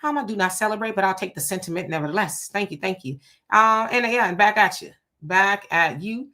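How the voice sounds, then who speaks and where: A woman's voice: mid-range voice, brisk, pushed and bright. A woman hosting a casual livestream, chatting loosely and greeting viewers by name as she reads their comments. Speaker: livestream host.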